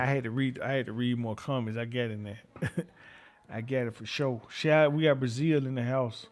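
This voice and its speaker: Middle-aged memphis dude rambling on a livestream, reads the chat, cusses a lot, says stuff twice. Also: male voice, mid-range voice, steady tone, moderate pace. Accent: Memphis Southern. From Memphis, Tennessee. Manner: loose, rambling, repeats himself, curses freely. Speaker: livestream host. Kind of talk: casual livestream chat reading comments.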